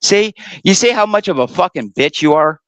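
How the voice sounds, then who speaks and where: A man's voice: high voice, lively intonation, normal speed, rough recording. A man ranting and taunting others during a heated online panel argument, swearing often. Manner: profane. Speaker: panel guest.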